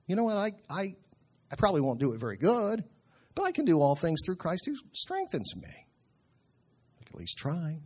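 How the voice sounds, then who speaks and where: A middle-aged man preaching in an earnest, conversational way, slowing down to quote scripture. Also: mid-range voice, sing-song. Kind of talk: sermon.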